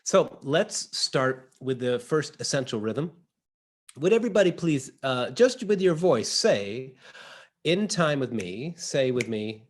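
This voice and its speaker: A man's voice: fairly high pitch, lively intonation, measured pace, slight background noise. A man teaching an online ukulele lesson over a video call, encouraging his students and chanting rhythms with them.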